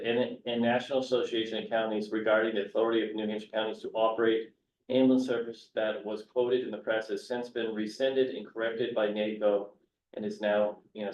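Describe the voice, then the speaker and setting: A man's voice: fairly low pitch, a little mellow. Man talking in an echoey distant room. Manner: rambling, restarts, reads statute text aloud. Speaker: county commissioner. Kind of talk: public meeting discussion. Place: county meeting room. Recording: echoey, dull, distant room recording with faint hum.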